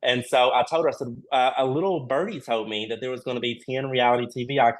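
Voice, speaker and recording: In a mid-range voice and at a quick pace, this man, a reality show contestant appearing on a podcast, tells stories casually and animatedly, performing the dialogue himself.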